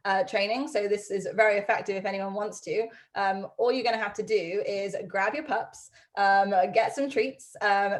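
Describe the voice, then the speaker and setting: Woman, dog trainer, live video-call class, upbeat, chatty, lots of ums, mid pitch. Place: home study.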